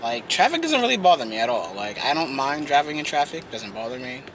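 A man's voice: mid-range voice, big pitch swings, brisk, fairly bright tone, slight background noise. A man chatting casually while he drives, rambling with lots of fillers. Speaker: vlogger. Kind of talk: casual vlog chat while driving. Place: in his car.

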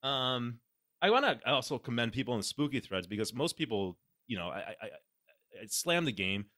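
A man's voice: medium pitch, fairly quick, no echo, clean studio sound. A man hosting a podcast, ranting sarcastically and swearing in casual chat. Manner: sarcastic, animated ranting with lots of profanity. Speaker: podcast host.

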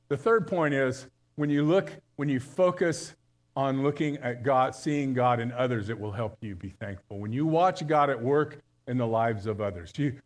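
Guy pastor preaching live at church, casual and joking, lots of restarts, kinda high voice. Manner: conversational with jokes and halting restarts. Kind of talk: live sermon. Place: church service.

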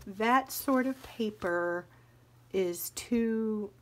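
A woman reviewing notebooks and fountain pens in a chatty, musing way, often trailing off into soft whispers. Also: medium pitch, very slow. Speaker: stationery vlogger. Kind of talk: casual show-and-tell review.

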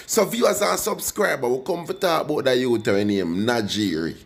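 A young Jamaican man talks straight to his viewers in a loose, rambling patois. His voice has a gravelly, crackly edge and sits at an ordinary pitch as he reviews a song. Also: normal speed. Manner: rambling, animated, speaks in patois, addresses viewers. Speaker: music reaction vlogger. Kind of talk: casual music review.

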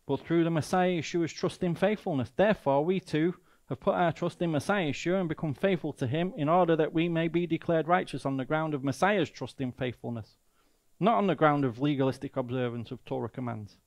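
Higher-voiced Mancunian preacher. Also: male voice, brisk, darkish tone. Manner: emphatic, asks rhetorical questions. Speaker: guest preacher. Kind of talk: sermon.

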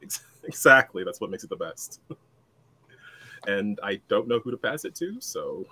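A man's voice: fairly low pitch, big pitch swings, normal speed, pushed and bright, breathy edge. A man introducing himself as a player on a game stream, rambling and self-deprecating in casual chat.

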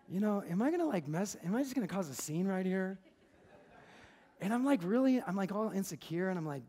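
A man preaching as a pastor, telling a story in a lively, conversational, jokey way. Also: high voice, a little fast. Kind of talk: sermon with storytelling. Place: church service.

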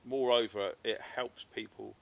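This British outdoors-channel host has a fairly low, creaky voice with a steady tone and a slightly slow pace. Lying in a hammock in the woods, he chats casually to camera and laughs.

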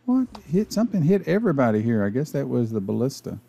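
A man's voice: mid-range voice, big pitch swings, fast talker, vocal fry, mellow. A man from Arkansas with a Southern accent, giving playful, jokey commentary as the host of his gaming channel. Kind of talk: casual gameplay commentary.

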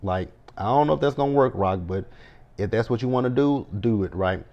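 On a recording with the highs cut off, a man with a mid-range voice speaks fairly quickly while hosting a laid-back TV episode recap. He narrates the scenes conversationally, keeps adding "right?", curses in reaction and drops into quoted responses.

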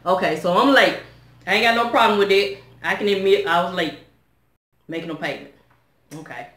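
A woman's voice: mid-range voice, fairly quick, fairly bright tone. A woman vlogging a blunt, exasperated rant to her viewers, putting questions to them. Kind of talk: casual direct-to-camera rant. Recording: echoey room.

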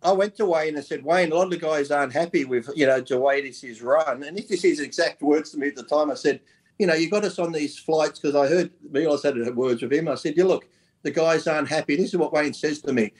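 Guy telling wild road stories, swears a lot, bit high voice. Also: a little fast, a little mellow. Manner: profane, laughing while telling anecdotes. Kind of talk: casual storytelling chat.

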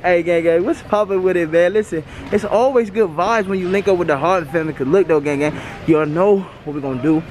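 A man with a St. filming a loud, joking vlog while shopping with his wife, teasing and laughing often. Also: sits high, brisk, hardly any pauses, slight background noise. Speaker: vlogger, husband. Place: Walmart store, then parking lot.

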